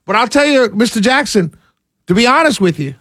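A male radio host, delivering a sarcastic, animated talk radio monologue. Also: very high voice, brisk, dry recording, clean studio sound.

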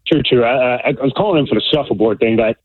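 A man's voice: mid-range voice, fast talker, breathy edge, no room sound. A man calling in to a radio show, telling laid-back stories in casual chat. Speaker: caller. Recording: tinny phone line.

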